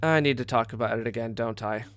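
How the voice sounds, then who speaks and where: A man's voice: medium pitch, fast, a bit bright, faint music behind. A man giving scripted video-essay narration as an anime commentator, enthusiastic and candid with fan asides.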